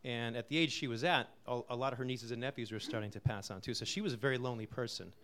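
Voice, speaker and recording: A middle-aged man from Connecticut introduces a song he wrote, talking softly and haltingly with many fillers. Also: mid-range voice. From Connecticut, USA. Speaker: singer-songwriter introducing a song. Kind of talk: casual spoken intro before a live song.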